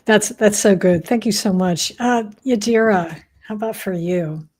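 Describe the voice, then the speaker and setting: A woman hosting a panel talk show, calling on guests and giving soft affirmations. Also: medium pitch, a little slow. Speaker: host.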